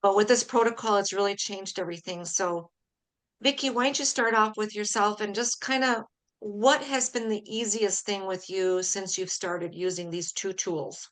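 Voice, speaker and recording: An upbeat woman hosts a live podcast, talking in a lively, casual way. She leans on fillers like "you know" and sounds eager and friendly to her guests. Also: mid-range voice, moderate pace. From Canada. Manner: upbeat, enthusiastic, chatty with fillers. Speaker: host.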